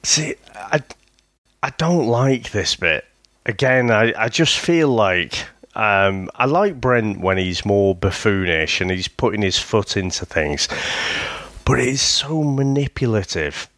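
Man, deep-ish, expressive, dry close mic, reflective podcast co-host. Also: dry recording. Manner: thoughtful, analytical, slips into quick impressions. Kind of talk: casual chat reviewing a comedy series.

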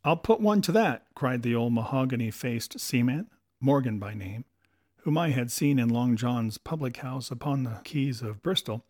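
A man's voice: medium pitch, normal speed, a little mellow, no echo, studio quality. A man reading a novel aloud as an audiobook narrator, earnest and in the first person. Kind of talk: scripted narration.

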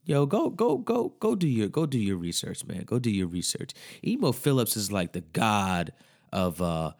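A man hosting a casual podcast with a fairly low voice. He talks in a loose, excitable way, swearing often and leaning on fillers as he riffs. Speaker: podcast host. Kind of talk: casual chat.

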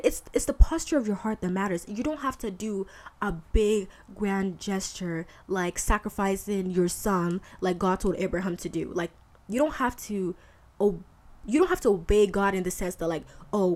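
A woman speaks in a loose, candid way about faith, with many fillers. Her voice sits at a middle pitch. She sounds like a regular podcast host chatting. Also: darkish tone. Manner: candid, conversational, colloquial with frequent fillers. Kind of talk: casual faith talk.

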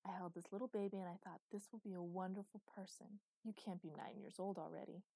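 A woman's voice: mid-range voice, steady tone, fairly quick, mellow, no echo. A woman doing a gushing, velvety teacher. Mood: doting. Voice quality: velvety, smooth. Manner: gushing, affectionate. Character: doting warm older female teacher.

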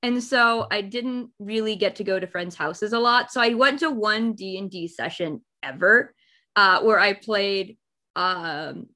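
A woman's voice: medium pitch, measured pace, bright, forceful tone. A young woman in casual podcast chat, rambling and chatty with laughing asides.

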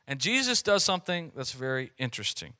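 Guy preaching a sermon, bright sharp voice, acts out the story bits, goes quiet and soft on the big points. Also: mid-range voice, very animated, brisk. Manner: drops to a soft hush on key lines. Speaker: pastor.

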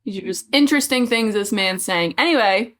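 A woman co-hosts a casual craft podcast, reading articles aloud and reacting as she goes. She teases her co-host and trips over long words. Her voice sits at an ordinary middle pitch. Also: fairly quick, fairly bright tone. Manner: playful, teasing, stumbles over hard words.

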